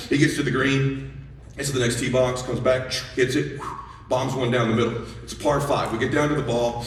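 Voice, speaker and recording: A middle-aged man telling a story as a motivational speaker, animated and excitable, with casual profanity. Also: medium pitch, brisk, slight background noise. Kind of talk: energetic storytelling speech. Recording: echoey hall, voice from far off.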